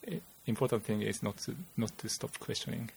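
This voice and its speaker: A man with a Japanese accent, a physicist guest explaining theory in casual chat, halting and searching for words. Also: mid-range voice, steady tone, creaky, darkish tone, slight background noise. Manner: halting, many "you know" fillers, searching for words.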